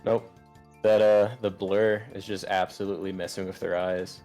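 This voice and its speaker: A man's voice: low-pitched, little pitch movement, normal speed, a little mellow, soft background music. A young man acting as game master, narrating loosely with lots of filler words. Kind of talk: running a tabletop game over voice chat.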